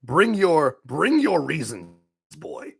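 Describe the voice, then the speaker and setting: A man's voice: a little high, wildly swooping pitch, takes it slowly, gravelly, husky, pitched above the performer's own voice, exaggerated voice. A man putting on a condescending posh English voice to taunt a viewer. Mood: mocking.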